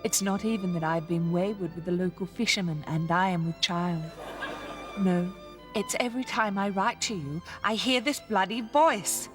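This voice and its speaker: A woman's voice: lowish voice, moderate pace, faint music behind, close to an everyday voice. A woman from Australia with a refined English accent playing a young woman reading a letter home, in a prim, dainty delivery. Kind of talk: sketch comedy monologue.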